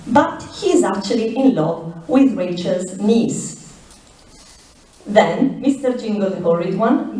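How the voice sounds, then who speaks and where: A woman giving a conference talk, retelling a plot with lively emphasis and dramatic pauses. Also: mid-range voice. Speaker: literature scholar. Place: university lecture hall. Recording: echoey lecture hall, mic at a distance.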